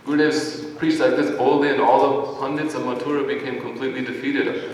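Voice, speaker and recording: A man's voice: medium pitch, flat delivery, a little fast, far from the mic. An earnest man delivers a devotional talk and recites scripture verses in Sanskrit and Bengali. He stands well back from the mic in a large hall, and his voice rings with a long echo over faint ambient noise. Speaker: devotee giving a spoken offering.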